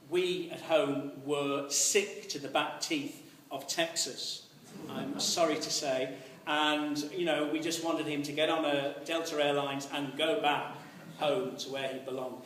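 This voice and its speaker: A man telling a gently humorous story as part of a sermon in a church. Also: fairly high pitch, slight background noise. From Ireland. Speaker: preacher. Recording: echoey church from far off.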